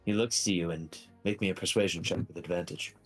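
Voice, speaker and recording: Husky game master guy, low voice, jumps around a lot, music going underneath. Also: fast talker. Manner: playful, jokey narration. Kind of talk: narrating a tabletop game.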